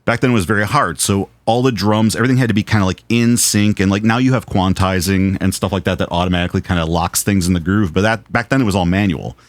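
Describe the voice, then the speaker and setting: A man co-hosting a podcast, telling anecdotes in an animated, casual way with some swearing. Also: low voice, fast talker, few pauses, no room sound. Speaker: podcast co-host. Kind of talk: casual film chat.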